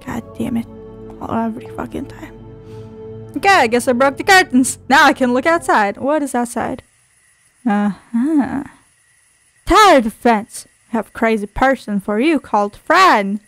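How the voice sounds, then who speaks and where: In her let's play, a woman with a high, expressive, fairly bright voice reads a game's lines aloud at a moderate pace, swearing and giggling through sassy quips, with faint music behind.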